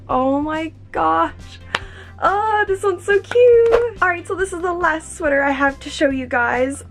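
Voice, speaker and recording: Young female vlogger, high bright voice, gushing and bubbly, faint music under her. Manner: gushing, bubbly, repeats "oh my gosh". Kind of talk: excited unboxing vlog.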